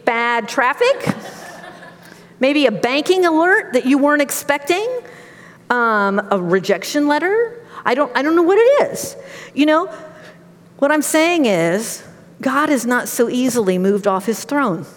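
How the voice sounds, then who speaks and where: Middle-aged woman preacher, slightly high voice, chatty storytelling sermon, long hall reverb. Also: measured pace. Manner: conversational storytelling, animated. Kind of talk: sermon with personal stories.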